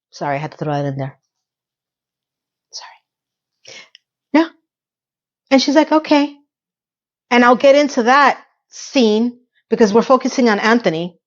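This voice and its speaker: Lady ranting thru a show recap, kinda high voice, all those "when did this happen" questions. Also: dull audio. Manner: exasperated, incredulous ranting with rhetorical questions. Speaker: TV recap reviewer.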